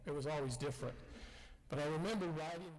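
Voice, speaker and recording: A man's voice: a little high, quick pace, a little mellow. Folksy man telling stories in a hall. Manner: folksy, self-deprecating. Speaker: veteran speaker. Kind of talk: storytelling speech. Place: school assembly hall. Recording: long hall reverb.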